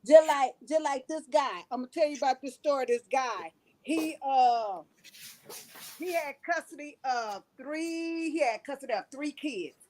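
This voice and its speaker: A high-voiced woman talks in a casual chat. She tells the story with animated repetitions and a lot of emphasis. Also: rough recording. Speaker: host.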